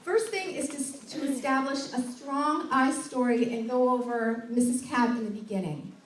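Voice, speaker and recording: A woman's voice: high voice, moderate pace, a little hiss or hum. A woman giving an enthusiastic sales training talk to a group, acting out customer dialogue and laughing often. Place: meeting room with audience. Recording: echoey room from a distance.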